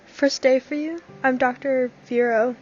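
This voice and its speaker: A woman reading the lines of a calm, reassuring male therapist in a story reading. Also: sits high, a little slow, faint music behind. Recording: slightly dull lo-fi recording.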